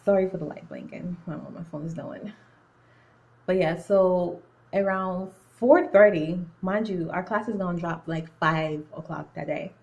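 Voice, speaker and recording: A young woman in nursing school telling a story in a casual, animated, slangy way, drifting in and out of an accent. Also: fairly low pitch, normal speed, creaky, muffled recording. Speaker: nursing student. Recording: phone-recorded video.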